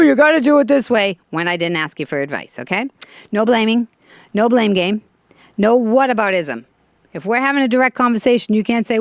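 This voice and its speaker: A woman hosting a talk show with an animated, chatty stand-up delivery, laughing often. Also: medium pitch, no room sound, studio quality.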